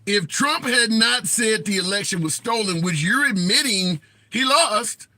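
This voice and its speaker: A man's voice: high-pitched, animated, unhurried, bright, forceful tone, no room sound. A man hosting a political livestream, reading viewer comments aloud and taking callers in a chatty way. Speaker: livestream host.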